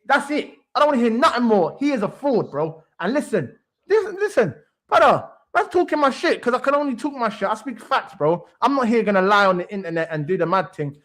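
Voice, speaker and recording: With an extremely high, brisk voice, this young sports stream host goes on an animated football rant, cursing and hammering his points home through repetition.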